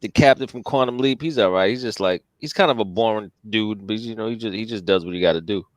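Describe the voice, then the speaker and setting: A man hosting a casual chat while drawing comics, talking in a profane, slangy, animated way. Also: lowish voice, fast talker, no echo. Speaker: comic artist and host.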